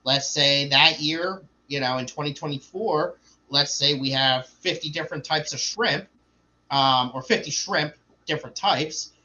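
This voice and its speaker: A man's voice: a little high, unhurried, sharp tone, dull audio, slight background noise. A man hosting a livestream, chatting casually and rambling with many fillers and restarts. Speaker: livestream host. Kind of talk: casual chat.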